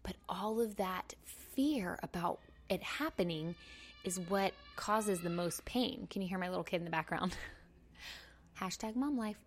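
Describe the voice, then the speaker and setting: A woman hosting a podcast, giving a casual motivational talk in an animated, self-mocking way and laughing often. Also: fairly low pitch, unhurried, a little hiss or hum.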